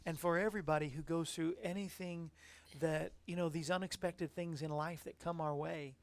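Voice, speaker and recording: A man hosting a faith-based TV talk show, his voice slightly high and gravelly. He speaks in a warm, encouraging way and chuckles easily. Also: fairly even intonation, normal speed. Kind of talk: casual Christian talk show chat. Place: TV studio.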